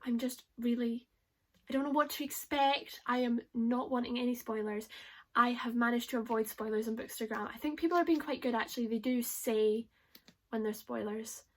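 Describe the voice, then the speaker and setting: A young woman vlogging about books in a chatty, excitable way, laughing often. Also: fairly high pitch, moderate pace. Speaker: book vlogger. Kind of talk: casual chat to camera.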